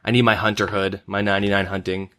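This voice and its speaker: A man's voice: fairly low pitch, fast, dry recording. A young man from Canada hosting a gaming podcast, chatting loosely with lots of "like" and "um". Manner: relaxed, many fillers like "like" and "um". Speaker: podcast host. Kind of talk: casual gaming chat.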